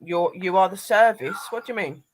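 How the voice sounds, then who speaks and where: A woman's voice: medium pitch, brisk, a crowd in the background, poor audio. A woman hosting a live paranormal panel chat, speaking tenderly to her late grandad through a spirit box.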